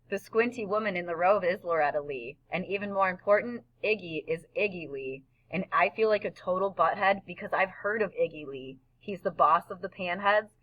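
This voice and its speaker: Woman narrating an audiobook, first-person storytelling, fairly low voice, lo-fi sound. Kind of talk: scripted narration.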